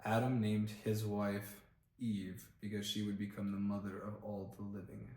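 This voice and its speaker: A man reading a Bible chapter aloud on camera, pausing now and then to look up words and comment in a casual way. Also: fairly low pitch, little pitch movement, darkish tone. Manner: reads aloud with plain emphasis, stops to look up words and comment. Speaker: Bible reader and channel host. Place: indoor room, filmed on camera. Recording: echoey room.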